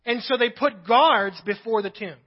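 A man with a fairly high voice preaches from the pulpit, reading scripture and pausing for his own asides. The recording is a little dull and lo-fi. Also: slightly rough. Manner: reads scripture aloud, breaking off for asides. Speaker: pastor.

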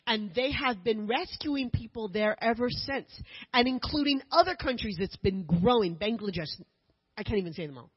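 Husky-voiced chatty woman. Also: fairly high pitch, animated, moderate pace, dull audio. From United States. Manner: chatty, with joking asides. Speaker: missionary speaker. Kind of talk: casual slideshow talk to a church group.

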